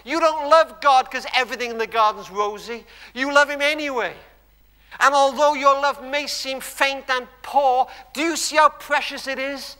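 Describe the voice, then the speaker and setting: A man preaching a sermon in a church, telling stories emphatically and dropping to hushed tones. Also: very high voice, normal speed. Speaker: guest preacher. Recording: long church hall reverb.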